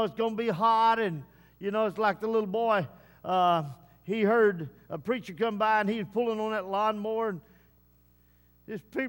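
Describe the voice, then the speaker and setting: A man preaching a sermon to his congregation in a folksy way, with many pauses and "uh" fillers. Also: high voice. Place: church service. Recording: long hall reverb.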